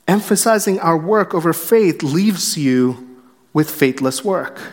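A man's voice: a little high, lively intonation, slow, big-room sound. A pastor preaching a sermon in an earnest way, acting out short quotes and restarting his phrases as he goes. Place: church sanctuary.

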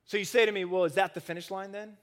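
A man preaching a sermon, earnest, rising to emphatic stresses and then dropping soft and low. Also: fairly even intonation, fast. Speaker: pastor.

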